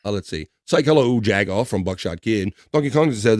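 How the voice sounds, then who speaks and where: A man's voice: on the low side, lively intonation, fairly quick, hardly any pauses, darkish tone, no echo. Middle-aged male stream host, upbeat chatter over viewer messages, dry close mic. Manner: upbeat, chatty, often laughing. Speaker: livestream host. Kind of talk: casual livestream chat reading viewer comments.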